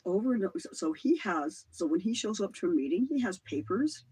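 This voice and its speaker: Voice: medium pitch, sing-song, a little fast, warm tone, husky, rough recording. A middle-aged livestream host in a casual monologue, rambling between claims and swearing casually.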